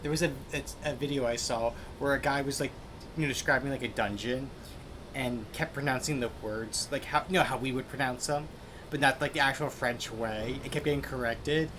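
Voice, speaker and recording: A man's voice: medium pitch, steady tone, a little fast. Rambling man in casual gaming chat. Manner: rambling, many restarts and "like". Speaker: streamer playing a game with a friend. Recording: game sound and noise behind voice.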